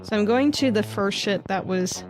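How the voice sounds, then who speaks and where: A woman's voice: mid-range voice, normal speed, over music. A woman streamer thinking aloud as she works through a puzzle game, muttering to herself and swearing when she gets frustrated. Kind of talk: casual live game commentary.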